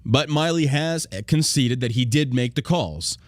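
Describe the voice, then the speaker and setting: A man's voice: medium pitch, a little slow, no echo. Man, podcast host, foul-mouthed combative rant, mid-range voice, dry sound. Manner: profane, combative and indignant. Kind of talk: ranting podcast commentary.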